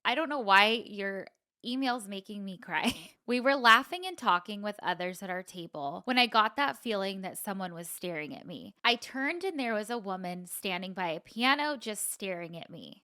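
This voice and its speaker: Bright, dry-voiced woman podcast co-host. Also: medium pitch, animated, normal speed, no echo. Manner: chatty and candid, laughing easily. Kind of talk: casual chat and reading a listener email.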